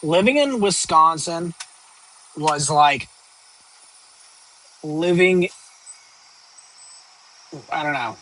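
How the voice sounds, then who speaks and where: A man's voice: on the high side, lively intonation, drawn-out words, pauses often, a bit bright, slight background noise, poor audio. A young man streaming live, casually answering viewer questions in a rambling, joking way full of fillers and restarts. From northern United States.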